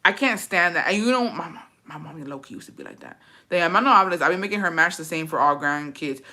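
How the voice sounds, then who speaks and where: A woman talks straight to her viewers in a loose storytime chat. Her voice is bright and pushy, and she swears freely and gets worked up as she gossips. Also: low-pitched, brisk. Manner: profane, gossipy, animated. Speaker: storytime vlogger.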